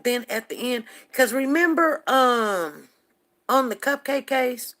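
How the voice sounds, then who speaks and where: A woman's voice: high voice, lively intonation, takes it slowly, fairly bright tone. Rambling woman host, talking emphatically. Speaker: show host. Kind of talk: casual talk-show monologue.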